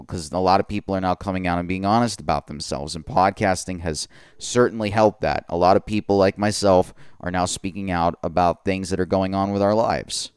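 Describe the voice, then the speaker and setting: A man's voice: low voice, clean tone, no echo, clean studio sound. A man hosting a podcast, talking in a casual, earnest monologue with occasional stumbles and repeated words.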